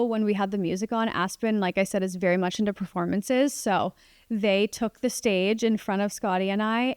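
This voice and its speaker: A woman's voice: mid-range voice, clear, resonant tone, dry recording, clean studio sound. A young woman hosting a casual solo podcast, chatting about family life with lots of "like" fillers. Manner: chatty, warm, many "like" fillers. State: pregnant. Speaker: podcast host.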